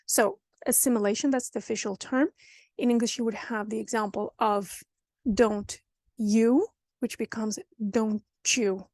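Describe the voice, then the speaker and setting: A woman with a European Portuguese accent teaches pronunciation in a video lesson. Her voice sits fairly high and comes across dry, with almost no room sound. She explains things plainly and speaks straight to the learner. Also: fairly even intonation, fairly quick, dry recording. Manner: explanatory, direct, addresses the learner. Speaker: language teacher.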